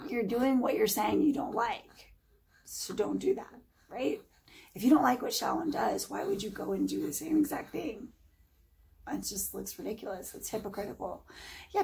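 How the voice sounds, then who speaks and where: A woman in her forties with a high voice that keeps dropping into gravelly fry rants on her own vlog. Emphatic and sarcastic, she addresses her critics directly in a heated, casual tirade, on a rough recording.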